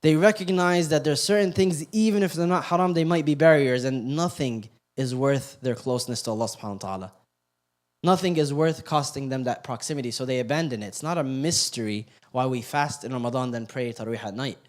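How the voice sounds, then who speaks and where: A man giving a youth sermon, joking and animated while telling the story, then quiet and earnest as he drives the lesson home. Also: medium pitch, brisk. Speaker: youth halaqa speaker. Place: youth center hall.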